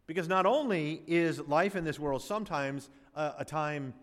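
A man preaching a sermon as pastor, swinging from emphatic rises to hushed, slowed phrases. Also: fairly high pitch. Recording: long hall reverb.

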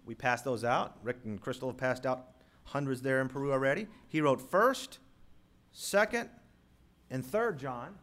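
A man pastor preaching a sermon, reading scripture slowly and swelling loudly on key words as he teaches his congregation. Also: medium pitch. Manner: emphatic preacher, rising loud on key words, slows to read scripture. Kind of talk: sermon with live props.

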